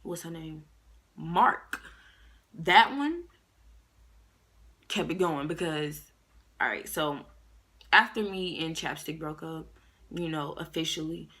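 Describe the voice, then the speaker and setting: A young woman vlogger telling a story in a casual, slangy way, acting out other people's lines. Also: sits low. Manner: animated, slangy, acts out quotes in raised voices.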